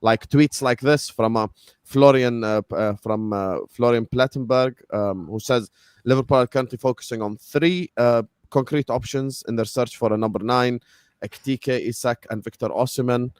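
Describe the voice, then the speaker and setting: A man's voice: medium pitch, normal speed, darkish tone, clean tone, no echo. Give me a laid-back man hosting a casual chat, dry and close. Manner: laid-back British slang, filler-heavy. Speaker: host.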